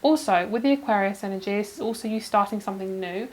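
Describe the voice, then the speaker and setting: A woman's voice: medium pitch, fast, a little mellow, slight background noise, poor audio. A woman giving a pick-a-card tarot reading to her viewers, gushing and effusive, swearing casually and laughing often, emotional and calling her audience "girl" and "you guys". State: emotional, near tears.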